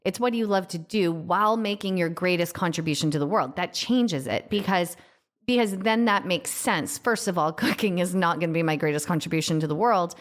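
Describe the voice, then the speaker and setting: A woman's voice: on the low side, brisk. A woman co-hosting a podcast, talking things through in a casual, reflective way. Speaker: podcast co-host. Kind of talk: casual chat.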